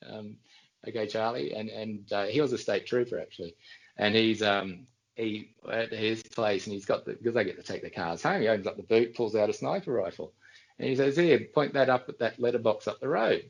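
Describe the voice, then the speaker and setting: A middle-aged Australian man with a gravelly, fry-edged voice spinning loose anecdotes as a podcast guest. He wanders, restarts his sentences and circles back in an easy, conversational way. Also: fairly low pitch, fairly quick, highs cut off. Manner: rambling anecdotes with frequent restarts. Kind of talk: casual storytelling.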